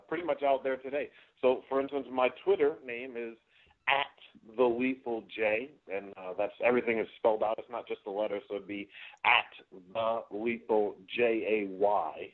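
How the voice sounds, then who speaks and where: Sex: man. Role: wrestler guest. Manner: earnest, explaining. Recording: tinny phone line. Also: mid-range voice. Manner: earnest, explanatory, with frequent restarts. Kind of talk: casual interview over the phone.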